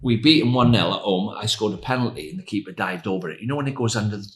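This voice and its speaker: A man in his sixties, a former footballer, telling animated anecdotes as a podcast guest and laughing as he goes. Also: on the low side, fast talker. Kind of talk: anecdotal storytelling.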